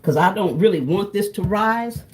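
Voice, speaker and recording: A woman talks straight to her viewers while she cooks at home. Her tone is easy and chatty, and she often breaks off to address "y'all" directly. Her pitch sits in an ordinary middle range. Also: animated, normal speed, a little mellow, slight background noise. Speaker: cooking vlogger. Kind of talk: casual cooking vlog chat.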